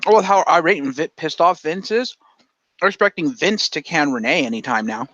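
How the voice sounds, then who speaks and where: A man chats on a casual podcast, firing off quick, opinionated asides. He talks fast, and his slightly high voice swings up and down. The recording is dull, dry and lo-fi. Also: expressive, a bit bright, no echo. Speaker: podcast co-host. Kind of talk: casual chat.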